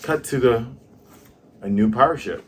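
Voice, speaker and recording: A man's voice: mid-range voice, moderate pace, a little hiss or hum. A man casually reviewing a manga chapter, retelling the plot and reading the characters' lines aloud. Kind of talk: casual commentary, reading along.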